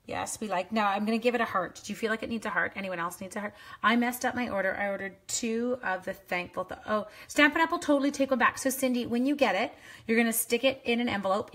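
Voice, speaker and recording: A woman's voice: mid-range voice, fairly bright tone. A woman chatting casually with viewers while she makes a card on a live crafting stream, joking at her own mistakes. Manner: chatty, self-deprecating, talks to viewers while working. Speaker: card-making demonstrator.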